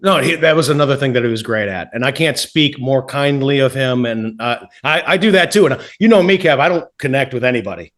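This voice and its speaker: A man's voice: mid-range voice, lively intonation, brisk, few pauses, fairly bright tone. A man co-hosting a casual talk show, making blunt, profane remarks and drawing out his words. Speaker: podcast co-host. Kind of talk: casual chat.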